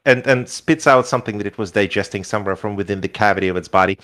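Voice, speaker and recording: A man's voice: lowish voice, quick pace, hardly any pauses, fairly bright tone. A man narrating as game master, improvising loosely with many fillers. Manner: rambling, improvised, full of fillers.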